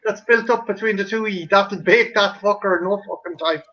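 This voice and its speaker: An Irishman with a high, sharp voice rants and swears at a brisk clip on a stream, rambling comically and theatrically. His foul-mouthed tirade comes through dull, lo-fi stream audio.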